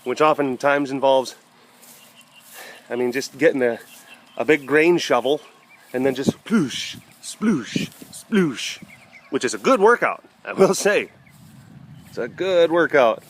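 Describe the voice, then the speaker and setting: Rambling, jokey man outdoors. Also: medium pitch. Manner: rambling, jokey, coos at the cats, breaks into playful sound effects. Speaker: big cat sanctuary keeper and webcast host. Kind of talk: casual outdoor vlog chat. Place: outdoors at an animal compound during rainy weather.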